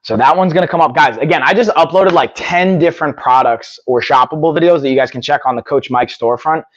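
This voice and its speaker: A man's voice: on the high side, quick pace, dry recording, highs cut off. A man hosting a casual live stream, upbeat and chatty, often saying "y'all" and muttering to himself between bits. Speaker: livestream host. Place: home gym.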